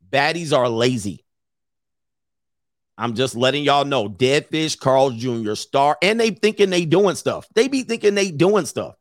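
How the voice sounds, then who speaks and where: Animated laughing man ranting. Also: medium pitch, no room sound, studio quality. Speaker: streamer host. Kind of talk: casual comedic rant.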